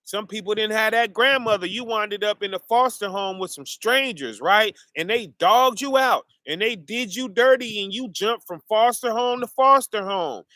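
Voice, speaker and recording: A man's voice: high-pitched, normal speed, hardly any pauses, pushed and bright, no echo. A man, preaching informally and firing off rhetorical questions to his listeners.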